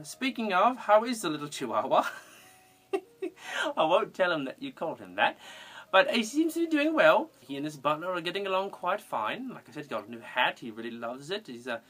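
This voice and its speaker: Someone doing the whimsical Undertaker. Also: fairly bright tone. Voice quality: theatrical, sing-song delivery with big pitch swings. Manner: fond, chuckling and whimsical. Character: eccentric giggling retired male undertaker, English. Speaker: fan cosplay answering viewer questions. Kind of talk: in-character fan parody video.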